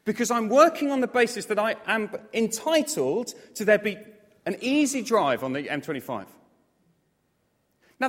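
A man preaching a sermon, animated and self-mocking, with jokey asides to the congregation. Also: sits high. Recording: long hall reverb.

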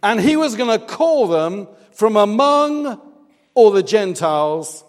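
Earnest preacher in a reverberant hall. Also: male voice, high-pitched, big pitch swings, slow pace. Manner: earnest, emphatic, rising to loud stress on key points. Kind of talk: sermon.

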